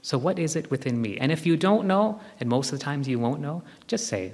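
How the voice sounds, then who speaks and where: A man giving a live spiritual talk to a group, gently instructive and repeating his key phrases. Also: a little high, expressive, fairly quick, few pauses. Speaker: spiritual teacher. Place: large hall with long reverb. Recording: long hall reverb from a live talk.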